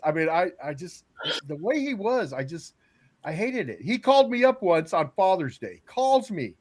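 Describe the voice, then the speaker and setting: A middle-aged man telling a story on a casual podcast, rambling and halting with many fillers and restarts. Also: high voice, sing-song. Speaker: regular co-host, "the old man".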